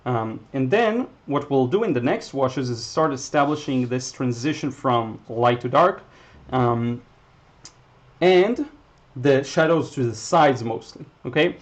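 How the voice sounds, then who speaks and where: A native Hebrew speaker with an Israeli accent teaches watercolor casually on a livestream, answering chat questions. His mid-range voice is a little slow, and he's relaxed, thinking aloud with fillers and restarts.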